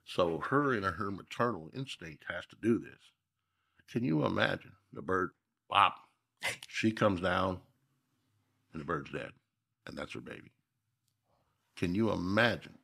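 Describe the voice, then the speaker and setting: A man's voice: sits low, animated, unhurried, vocal fry, pauses often, bright, forceful tone, slightly rough. A man from Minnesota, a guest telling stories in a casual interview, reflective and folksy with emphatic repeats.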